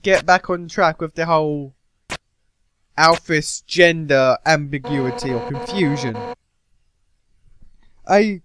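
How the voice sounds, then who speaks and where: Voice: mid-range voice, slow, pauses often, a bit bright, slight background noise. A gamer giving sarcastic, jokey commentary while playing. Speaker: let's player. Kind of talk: gameplay commentary. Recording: game music playing behind.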